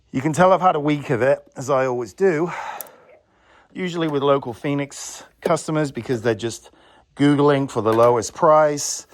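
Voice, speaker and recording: A sarcastic man venting in a blunt rant about his trade, with the odd curse. His fairly high voice rises and falls with lively swings. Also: no echo, studio quality. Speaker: video transfer business owner. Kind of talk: ranting vlog monologue.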